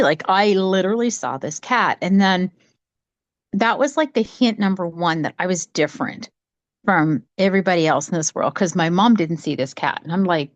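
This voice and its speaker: A woman talking casually from home on a video call, telling a childhood story in a rambling, animated way with many restarts. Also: on the low side, moderate pace, dry recording, dull audio. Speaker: psychic medium sharing her story. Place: home, cat nearby.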